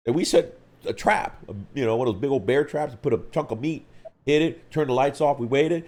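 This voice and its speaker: A man co-hosting a live stream, telling a gaming story in an animated way, acting out voices and screams. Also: mid-range voice, fast. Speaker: co-host of a hobby live stream.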